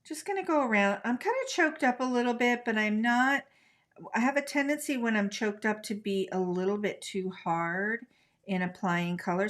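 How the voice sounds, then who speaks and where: A middle-aged woman from the United States hosting a live craft tutorial, chatting casually with viewers as she demonstrates. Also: on the high side. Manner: chatty, talks to viewers while coloring.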